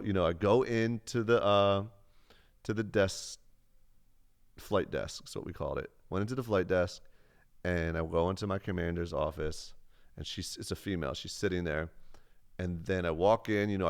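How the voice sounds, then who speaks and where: Low-voiced man telling a rambling story. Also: smooth. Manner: rambling, profane, self-mocking. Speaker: livestreamer telling a personal story. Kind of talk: casual storytelling on a livestream.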